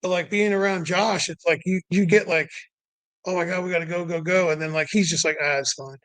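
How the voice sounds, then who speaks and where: A man's voice: sits high, flat delivery, fairly quick, a bit bright, no echo, low-quality recording. A young man telling a racing story in loose, rambling casual chat, full of "like" and "you know". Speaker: podcast guest.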